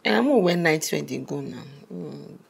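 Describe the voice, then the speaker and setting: A Nigerian actress playing an anxious, apologetic young roommate who pleads and explains in a hurry. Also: female voice, low-pitched, animated, normal speed, a crowd in the background, exaggerated voice. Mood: worried. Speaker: actress in a film. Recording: film soundtrack with clear music.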